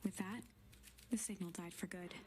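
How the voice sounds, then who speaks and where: A woman reading a game's narration aloud in a calm storybook way during a playthrough. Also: on the low side, normal speed. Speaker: streamer.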